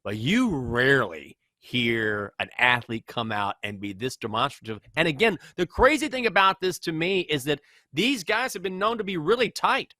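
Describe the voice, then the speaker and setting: A man co-hosting a sports podcast, talking sports in an animated, emphatic way. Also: on the high side, moderate pace, dry recording. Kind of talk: casual sports talk.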